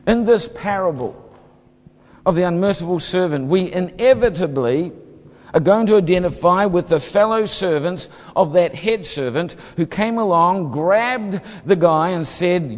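A man's voice: high voice, lively intonation, measured pace. Man preaching in a reverberant hall. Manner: expository, acts out the parable's voices. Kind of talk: sermon.

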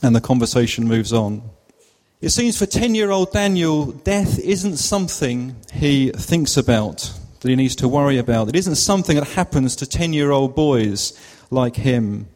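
A man's voice: medium pitch, lively intonation, moderate pace, a little mellow. A man preaching a sermon, telling a story in a conversational way with self-deprecating asides. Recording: long hall reverb.

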